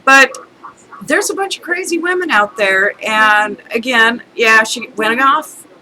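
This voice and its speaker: A woman's voice: a little high, a little slow, sharp tone, a little hiss or hum, rough recording. A middle-aged woman telling a rambling, chatty story in a casual rant, breaking into laughter now and then. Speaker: vlogger.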